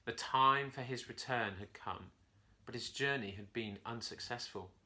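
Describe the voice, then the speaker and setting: A man's voice: mid-range voice, measured pace, pushed and bright. A man from a church, reading a bedtime story expressively to children.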